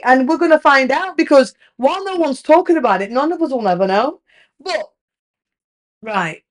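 A woman, hosting a podcast in a frank, chatty confessional monologue full of fillers and casual swearing. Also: on the high side. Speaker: podcast host.

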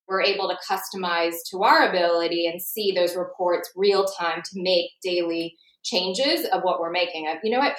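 A woman in restaurant work speaks in a practical, explanatory way. Her voice sits a little low. The room gives an echo. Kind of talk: interview explanation.

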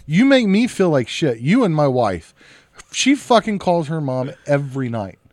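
Emphatic man, lively voice, dry sound. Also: a little high, moderate pace, no room sound. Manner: emphatic, repetitive, joking. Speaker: podcast co-host. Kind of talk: casual chat.

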